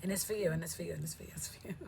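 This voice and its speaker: A woman's voice: fairly low pitch, fairly even intonation, rapid-fire, creaky, darkish tone, a little hiss or hum. A woman vlogger talking casually to camera, chatty and playful. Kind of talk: casual talk to camera with skits.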